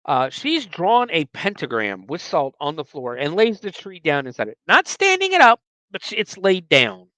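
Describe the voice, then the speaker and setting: Animated man recapping a movie. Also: on the high side, moderate pace, hardly any pauses, no room sound, poor audio. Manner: rambling, animated, frequent fillers and self-corrections; acts out the characters' lines. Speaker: podcast host.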